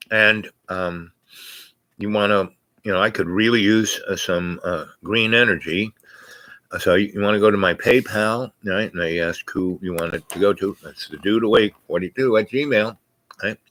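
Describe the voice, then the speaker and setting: A man's voice: lowish voice, normal speed, a bit bright. A man talking casually to his viewers, wandering through a story with lots of fillers, restarts and small laughs. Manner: laughs often mid-sentence. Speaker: vlogger. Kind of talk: casual rambling monologue.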